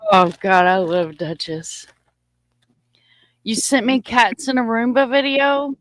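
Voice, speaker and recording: A woman's voice: a little high, slow pace, a bit bright, no echo. A woman hosting a casual live stream and chatting informally with her viewers, a little short of breath. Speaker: livestream host. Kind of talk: casual livestream chat.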